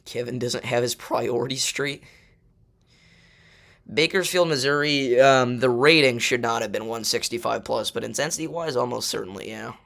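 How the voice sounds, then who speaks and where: A young man hosts a casual livestream and talks straight to his viewers. His voice has a gravelly, fry-laden edge. He drifts between points with lots of fillers and pushes back on their takes. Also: medium pitch, moderate pace, a bit bright. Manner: loose and chatty, many fillers, argues weather takes. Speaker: livestream host.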